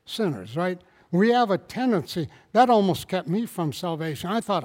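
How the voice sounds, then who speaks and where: A man with a notably high voice preaches a sermon, his words ringing out with a long hall reverb. He preaches with animated emphasis, climbing into loud, pointed bursts and peppering his points with rhetorical questions. Now and then he calls out to someone in the congregation by name. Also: normal speed. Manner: addresses congregation members by name.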